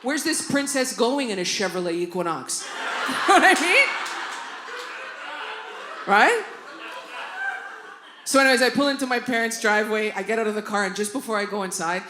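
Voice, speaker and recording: A woman comedian from Canada performing a stand-up routine on a club stage, animated, with loud outbursts and constant asides to the crowd. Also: a little high, moderate pace, pauses often. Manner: animated, loud outbursts, constant "right?" and "you know what I mean?". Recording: roomy live club recording with noise.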